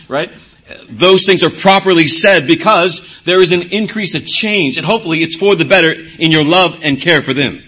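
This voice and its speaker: Bright, husky-voiced male preacher. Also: fairly high pitch, a little fast. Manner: earnest teaching, repeats key words for emphasis. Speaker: pastor. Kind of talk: sermon.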